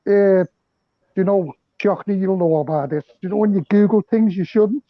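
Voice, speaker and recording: A man from Liverpool calls in and spins jokey stories, his voice high for a man. The line sounds dull and muffled. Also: normal speed, dry recording. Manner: joking storyteller. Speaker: caller. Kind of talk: casual chat.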